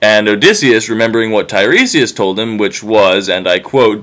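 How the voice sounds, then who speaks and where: A man's voice: fairly low pitch, animated, moderate pace, fairly bright tone. A man narrating a myth in a casual, sarcastic and profane comic retelling.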